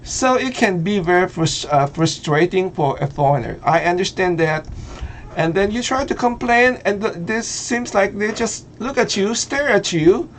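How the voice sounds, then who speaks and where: A man's voice: high voice, lively intonation, moderate pace, a little hiss or hum. A middle-aged man with a Filipino accent gives casual commentary, hesitant and full of fillers, laughing easily. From Philippines. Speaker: vlogger.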